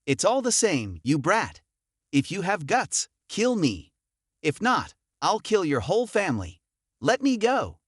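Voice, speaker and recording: A man voicing a violent, drunken old man who shouts and curses. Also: on the high side, huge pitch swings, measured pace, slightly rough, no echo, clean studio sound, exaggerated voice. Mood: drunken rage. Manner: shouting, cursing.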